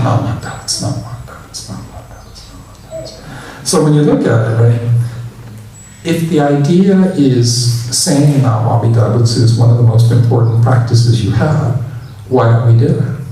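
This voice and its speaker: A man giving a casual dharma talk as a temple minister, leading the congregation in loud chanting. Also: medium pitch, a little hiss or hum. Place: large temple hall. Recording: echoey hall, mic at a distance.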